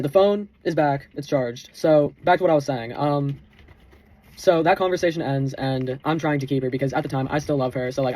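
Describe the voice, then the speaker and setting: A man's voice: medium pitch, darkish tone, no room sound. A young man telling a personal story in a rambling, profane, heated vlog rant. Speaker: vlogger.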